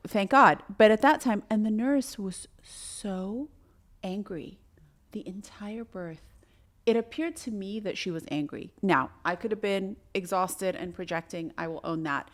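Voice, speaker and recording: A middle-aged woman, a doula, telling a story in a casual podcast chat and acting out the voices of the people in it. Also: medium pitch. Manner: animated, acts out quoted voices.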